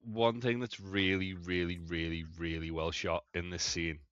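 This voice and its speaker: A man's voice: low-pitched, little pitch movement, moderate pace, fairly bright tone, clear, resonant tone, no room sound, highs cut off. A man co-hosting a podcast, chatting casually and swearing freely. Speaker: podcast co-host. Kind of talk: casual chat.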